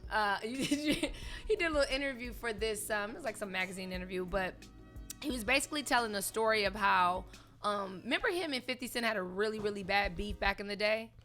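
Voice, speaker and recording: A woman's voice: mid-range voice, expressive, fairly quick, sharp tone, faint music behind. A woman co-hosting a casual talk show, chatty and telling stories. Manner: storytelling, chatty. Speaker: co-host. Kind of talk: casual chat.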